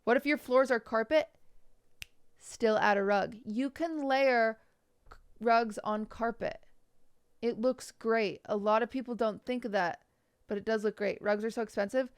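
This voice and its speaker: A young woman streams live, casually reviewing her viewers' bedrooms and giving blunt, frank design advice with the occasional swear word for emphasis. Her voice is slightly high and unhurried, with a clean tone and echo-free studio quality.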